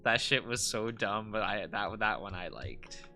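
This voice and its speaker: A man's voice: fairly low pitch, animated, measured pace, sharp tone, soft background music. A man chatting casually on a live drawing stream, rambling with lots of fillers and frequent giggles.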